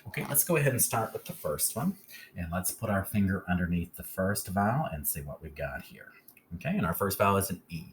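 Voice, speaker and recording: A man's voice: deep voice, big pitch swings, fairly quick, a little hiss or hum. A man teaching a phonics lesson step by step, patiently checking in with "okay?" as he goes.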